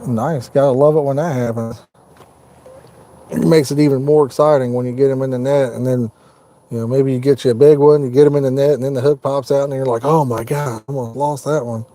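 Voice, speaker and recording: A man hosts a live fishing stream from the cab of his truck at night. His voice is very dark and mellow, sitting at an ordinary pitch. He talks in an easygoing, folksy way, reading out viewers' comments and answering them like friends. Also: steady tone, a little fast, a little hiss or hum. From Indiana, United States. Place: inside a parked truck at night.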